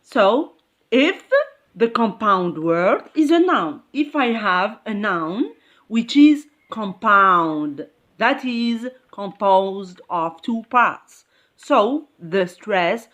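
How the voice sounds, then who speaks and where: A woman leads an English class in English, dwelling on every word at a very slow pace. Her pitch swings widely as she stresses examples and keeps asking the class if it is clear. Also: a bit bright. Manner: slow, repetitive, checks understanding with "okay?"; non-native English phrasing. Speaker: English teacher. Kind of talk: classroom lesson.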